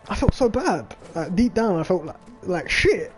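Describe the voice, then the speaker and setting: A man's voice: high-pitched, sing-song, normal speed, few pauses, faint music behind. A man, chatting casually and telling a long story full of swearing and filler words. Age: 20s. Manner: rambling and profane, full of filler "like". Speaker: vlogger.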